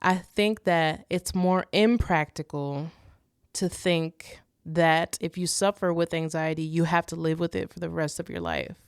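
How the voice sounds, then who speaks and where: A woman's voice: fairly low pitch, steady tone, unhurried, smooth, no echo, clean studio sound. A young woman hosting a faith podcast, talking earnestly and casually, with many restarts and rhetorical "right?"s. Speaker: podcast host.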